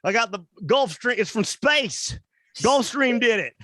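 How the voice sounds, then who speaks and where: A man's voice: very high voice, expressive, a little slow, sharp tone, no echo, pitched above the performer's own voice, heavily acted. A man putting on a boastful rural man with a folksy, cocky drawl during a stand-up bit. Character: boastful rural man bragging about his shot. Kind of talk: stand-up comedy impression.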